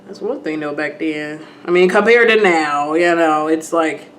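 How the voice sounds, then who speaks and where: A woman vlogger chatting casually in a slangy, animated way as she recaps a show and talks straight to her viewers. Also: lowish voice, moderate pace, slight background noise.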